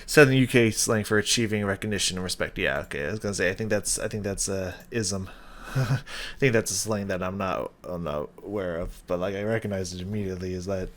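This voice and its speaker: A man hosting a casual reaction video, excitable, swearing often and laughing between thoughts. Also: deep voice, brisk.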